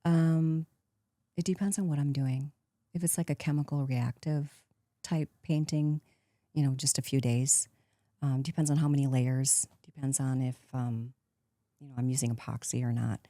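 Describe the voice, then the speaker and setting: A woman in her fifties, a guest in a casual interview, telling stories in a lively way, acting out quotes and laughing often. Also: very deep voice, moderate pace, no room sound, clean studio sound. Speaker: guest, actress turned painter.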